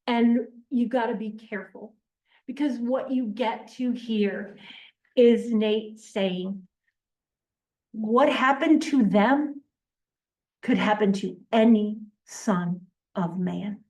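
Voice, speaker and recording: A woman reads a novel aloud at an unhurried pace, then talks it over with a class. Her voice sits a little high, and she presses her points earnestly, checking that listeners follow. The mic is well back in a reverberant room. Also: darkish tone. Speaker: book discussion leader. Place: classroom or church meeting room. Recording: echoey room, mic far off.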